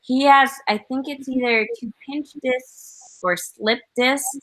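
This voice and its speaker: A woman's voice: high-pitched, steady tone, takes it slowly, a bit bright, low-quality recording. A woman hosting a writing livestream, chatting casually over a video call, giggling often and rambling with lots of fillers. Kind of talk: casual chat.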